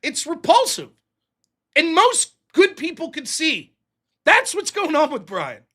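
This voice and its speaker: A man's voice: extremely high pitch, wildly swooping pitch, a little slow, pushed and bright. A man hosting a live stream, ranting in a heated, profane, sarcastic way and mocking others in put-on voices. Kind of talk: ranting commentary.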